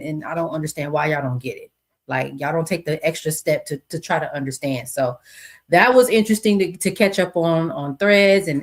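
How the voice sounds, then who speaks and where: A middle-aged American woman hosting her own podcast, talking casually with many fillers and asides. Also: low-pitched. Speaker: podcast host. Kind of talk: casual solo podcast talk.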